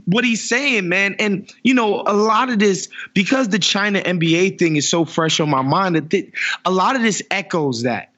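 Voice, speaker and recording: A man co-hosting a casual political chat, animated and mocking, laughing often. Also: sits high, moderate pace. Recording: dull lo-fi audio.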